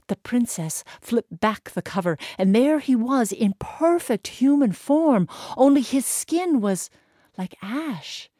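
Expressive woman teller of folk tales, lively pitch, unhurried delivery. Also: dry recording, clean studio sound. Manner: animated, expressive, building drama. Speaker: storyteller. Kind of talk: told folk tale.

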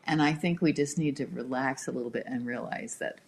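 A middle-aged woman, a guest author, chatting casually and telling lively stories, sometimes reading from her book. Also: rumbling low, brisk, slight background noise. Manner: animated storyteller, reads aloud from her book. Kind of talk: casual chat.

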